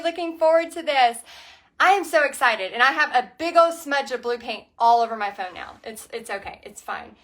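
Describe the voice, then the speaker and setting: A woman's voice: sits high, bright, forceful tone. A woman hosting a chatty live-streamed painting lesson, bubbly and reading viewer comments aloud as she works in a small home art space.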